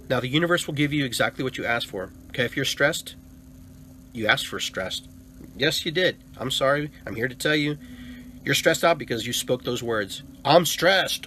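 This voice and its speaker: A man's voice: medium pitch, sharp tone, slight background noise. A man hosting a spiritual self-help radio show, talking to listeners in an emphatic, preachy way and often checking in with "okay?".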